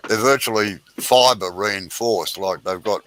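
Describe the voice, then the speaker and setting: A man's voice: lowish voice, measured pace, a little hiss or hum, low-quality recording. An Australian man in his seventies, chatting and joking on a video call. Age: 70s. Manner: joking, chatty, gently teasing. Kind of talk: casual chat.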